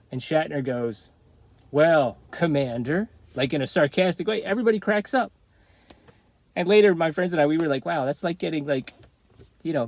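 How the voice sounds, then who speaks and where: A man's voice: a little high, a little mellow, no echo. Rambling man telling a story, dry sound. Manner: rambling, digressive, chuckling. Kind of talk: casual storytelling.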